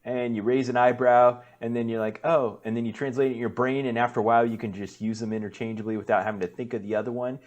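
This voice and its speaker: A man co-hosting a podcast in casual chat, easygoing and quick to laugh. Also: medium pitch, little pitch movement, a little mellow. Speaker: podcast co-host.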